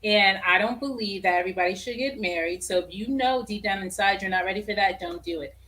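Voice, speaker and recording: A woman's voice: mid-range voice, fast, fairly bright tone. A woman on a podcast panel giving frank, exasperated opinions in casual chat.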